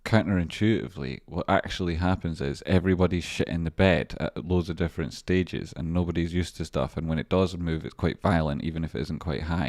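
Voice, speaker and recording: A man's voice: rumbling low, darkish tone, no echo, studio quality. A man hosting a trading livestream, talking casually through charts in a rambling, profane way with chatty asides to viewers. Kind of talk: casual live-stream chart commentary.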